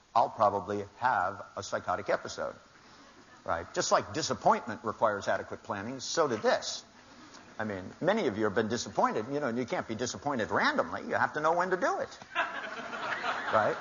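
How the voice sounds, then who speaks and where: An older man gives a seminar talk to a live audience in a large hall, telling wry anecdotes and acting out dialogue with shifting voices. His mid-range voice is a bit bright. The live recording is dull and lo-fi, with slight background noise.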